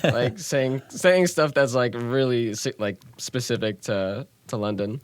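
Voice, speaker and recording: A man chatting on a podcast, talking loosely with lots of "like". His voice is mid-pitched, recorded close and dry. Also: unhurried, clear, resonant tone, no echo. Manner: easygoing, rambling, lots of "like". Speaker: guest pro gamer. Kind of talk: casual podcast chat.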